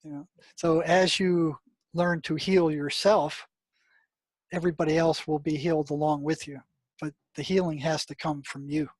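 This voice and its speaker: A man's voice: on the high side, flat delivery, normal speed, no echo. An older man, a retired mental health practitioner, telling stories emphatically as an interview guest, with frequent fillers. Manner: emphatic storyteller, many "I mean" and "you know" fillers. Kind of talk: storytelling interview talk.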